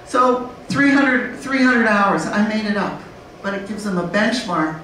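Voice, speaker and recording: A woman speaking on a conference panel in a lively, blunt way, acting out learners and babies. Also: medium pitch, unhurried. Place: conference room. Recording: very echoey room from far off, faint noise.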